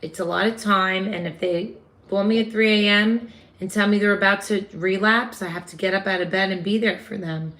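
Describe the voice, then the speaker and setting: A woman's voice: mid-range voice, steady tone, normal speed, a bit bright. A woman with a New York accent hosting a casual livestream, chatting with viewers and answering their comments. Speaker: livestream host.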